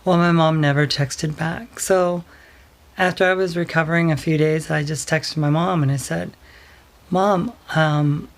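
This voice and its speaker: A woman telling a personal story in a vlog, soft and hesitant, pausing often with fillers. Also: sits low. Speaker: vlogger.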